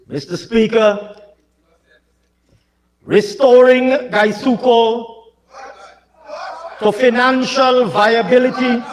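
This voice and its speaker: A man, a government minister, giving a deliberate and emphatic budget speech in a large parliamentary chamber. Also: extremely high pitch. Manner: deliberate and emphatic, rising to forceful oratory. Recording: long hall reverb.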